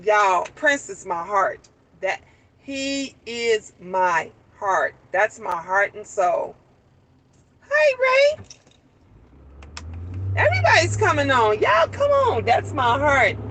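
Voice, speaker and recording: A woman's voice: on the high side, huge pitch swings, slow, long pauses, a bit bright, low-quality recording. A middle-aged woman and grandmother chatting casually with live stream viewers from a car, rambling animatedly through stories and greeting people as they join.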